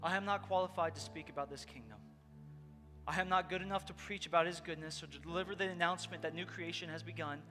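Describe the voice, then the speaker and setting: A man's voice: on the high side, fast. Earnest preacher man in echoing hall. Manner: earnest, confessional storytelling; addresses the congregation directly. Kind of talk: conversational sermon. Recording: long hall reverb with loud music behind.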